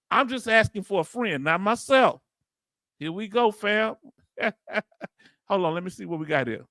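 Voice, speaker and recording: Hosting a laid-back stream where he reacts to a hearing, this middle-aged man from the United States reads viewer comments, cracks jokes and calls his audience family. His high-pitched, expressive voice is a bit bright and moves at normal speed with frequent pauses. There's no room sound, just a clean studio recording.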